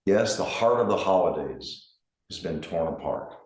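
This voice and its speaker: A middle-aged man, a grief counselor, giving a gentle, measured reflective talk with emphasis on key words. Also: sits low, animated. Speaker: grief counselor and center director. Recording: roomy echo.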